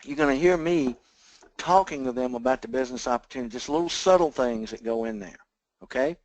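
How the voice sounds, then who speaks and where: A man's voice: mid-range voice, a little fast, darkish tone, dry recording, low-quality recording. A man giving sales training, talking straight to his listeners and often checking in with "okay?". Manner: acts out both sides of sales conversations. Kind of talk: instructional training talk.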